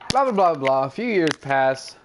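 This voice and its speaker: A man's voice: fairly high pitch, big pitch swings, moderate pace, a little hiss or hum. A young man hosting a gaming channel, telling a loose, rambling story with fillers and mumbled asides. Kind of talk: casual storytelling over gameplay.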